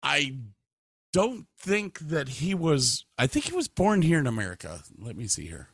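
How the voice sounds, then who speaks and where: A man's voice: a little high, normal speed, creaky, no echo, clean studio sound. A man co-hosting a podcast in casual chat, reading facts aloud and reacting. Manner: reads facts aloud with lively, animated delivery. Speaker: podcast co-host.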